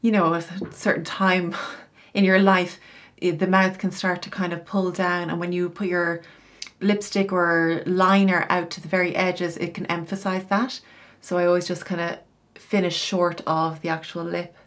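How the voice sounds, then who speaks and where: Middle-aged woman, style coach, lower-pitched voice; chatty tutorial delivery with offhand asides. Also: little pitch movement, moderate pace. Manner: chatty, explains each step with casual asides. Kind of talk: makeup tutorial.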